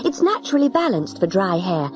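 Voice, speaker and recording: A woman's voice: medium pitch, very animated, soft background music, lightly acted. A woman playing a confident young woman recommending a product in a scripted advert. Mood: persuasive. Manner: brisk, persuasive.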